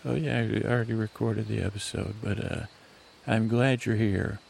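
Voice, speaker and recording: Whispering man with a gravelly low voice. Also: steady tone, moderate pace, darkish tone, a little hiss or hum. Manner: whispering, meandering and self-interrupting. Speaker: sleep podcast host. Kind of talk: whispered rambling sleep podcast. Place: outdoors on a night walk. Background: crickets chirping.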